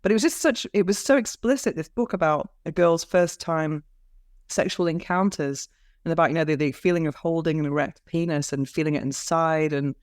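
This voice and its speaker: A woman's voice: sits low, brisk, dry recording, studio quality. A woman hosting a podcast in a casual interview chat, talkative and laughing often, with frequent restarts. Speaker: podcast host.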